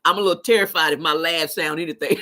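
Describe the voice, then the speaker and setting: A woman with a low-sitting voice talks fast while hosting a casual live stream. She tells animated stories, laughs often, and answers back to her chat.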